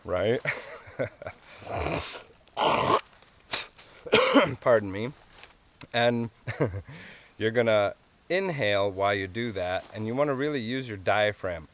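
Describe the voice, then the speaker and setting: A man with a fairly low voice walks listeners through a hands-on calling tutorial. His explanations are relaxed and homespun, and small chuckles break in often. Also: a little slow. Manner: easygoing, chuckles often, plain folksy explanations. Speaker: wildlife calling instructor.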